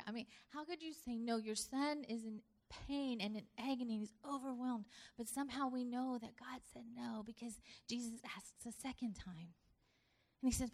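A woman preaching a sermon in a casual, earnest way, sometimes dropping to a hush and sometimes pressing hard for emphasis. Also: on the high side, moderate pace. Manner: conversational, earnest, swings between hushed and emphatic.

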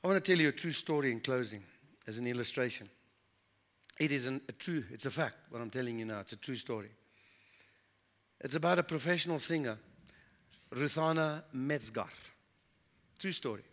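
A man's voice: mid-range voice, animated, normal speed, pauses often, a bit bright. A man preaching a sermon in an earnest storytelling manner, repeating points for emphasis.

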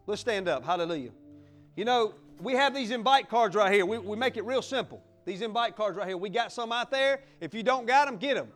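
Male pastor, high lively voice, fiery sermon delivery, faint music underneath. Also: moderate pace. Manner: fiery, exuberant preaching with whoops and acted-out little scenes.

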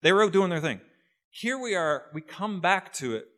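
A pastor giving an earnest, conversational sermon. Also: male voice, high-pitched, lively intonation, moderate pace, a bit bright.

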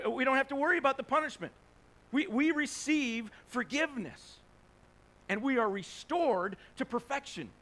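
A man with a notably high voice delivering a sermon. He preaches conversationally, asking the congregation rhetorical questions and briefly acting out the people in his stories. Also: a bit bright. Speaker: pastor.

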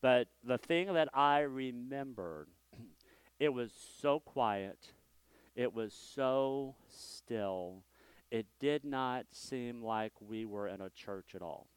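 Male pastor preaching in a sanctuary, smooth clear tone, dry close sound, easygoing and self-deprecating. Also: mid-range voice, takes it slowly, no echo. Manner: conversational, self-deprecating, frequent restarts. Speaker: senior pastor. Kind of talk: sermon. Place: church sanctuary.

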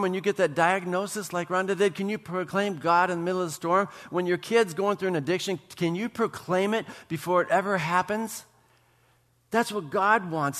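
Man, pastor, sermon, passionate emphatic preaching, fairly high voice, long hall reverb. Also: fairly bright tone.

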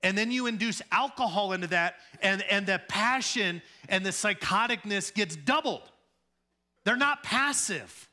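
A man from the Chicago area preaches at a church podium with a bright, forceful voice pitched a little high. His delivery is animated, moving between humor, acted-out quotes and earnest emphasis. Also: moderate pace, few pauses. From Chicago area, USA. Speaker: pastor. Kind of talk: sermon.

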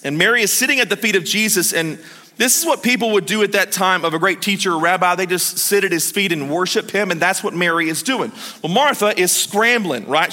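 A male pastor preaching a lively, joking sermon and chuckling at his own points. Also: high-pitched. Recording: long hall reverb.

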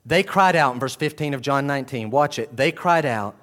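A male pastor delivers a sermon. His voice sits at an ordinary middle pitch, and it moves from hushed, low stretches into loud, raised cries. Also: a little fast, few pauses. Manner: swings from quiet and low to loud, raised exclamations.

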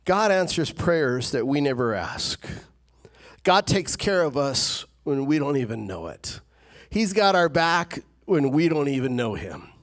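A man preaching a sermon as the pastor, animated and rising to emphatic peaks. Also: a little high, a little slow.

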